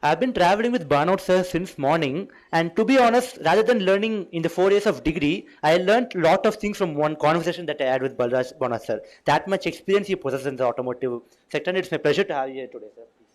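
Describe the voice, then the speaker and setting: Fast, lively Indian event host. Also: male voice, fairly high pitch, low-quality recording. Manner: formal, effusive, ceremonial. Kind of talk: formal introduction.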